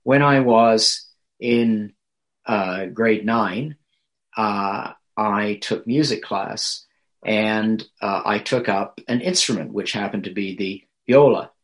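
Guy preaching a sermon, lowish voice, slow and earnest with lots of uh's. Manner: measured, earnest preaching with pauses and fillers. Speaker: pastor.

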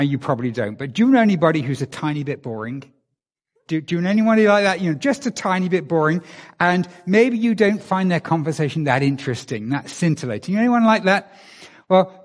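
Male preacher, slightly high voice, informal, rhetorical questions, long hall reverb. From England. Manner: informal, asks the listeners many rhetorical questions. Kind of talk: conversational sermon.

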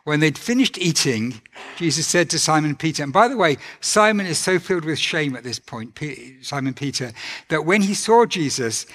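A man preaching a sermon in a gentle, conversational way, asking his listeners rhetorical questions. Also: a little high, long reverb tail.

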